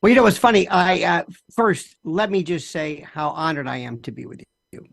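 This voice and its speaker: A man's voice: a little high, animated, normal speed, creaky, fairly bright tone. Effusive, wordy man from the US. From United States. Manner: effusive, wordy, stacks synonyms. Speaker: guest commentator. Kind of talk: talk show interview.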